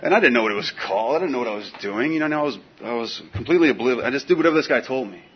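A man's voice: mid-range voice, racing, crowd noise. Slangy man telling a story, lo-fi. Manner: animated and slangy, peppered with "dude" and "man". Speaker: guest telling his recovery story. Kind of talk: casual storytelling. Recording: dull lo-fi recording with faint hiss.

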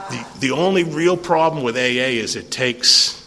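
An older man speaking at a recovery meeting, telling a rambling, animated story and acting out the conversations in it. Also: medium pitch, normal speed. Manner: rambling, animated storyteller who acts out dialogue. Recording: long hall reverb.

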